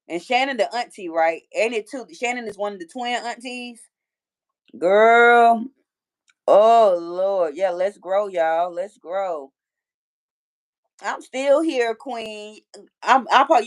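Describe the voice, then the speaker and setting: A woman's voice: mid-range voice, a little mellow. Chatty Detroit woman livestreaming. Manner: chatty, playful trash talk. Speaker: livestream host. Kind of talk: casual livestream chat reading comments.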